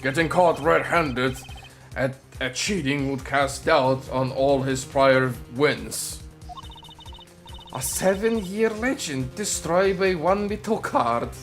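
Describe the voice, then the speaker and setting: A man voicing a scheming female card dealer in a put-on Russian accent, in a slow, sly, boastful delivery for a fan voice-over of a game. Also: fairly high pitch, faint music behind.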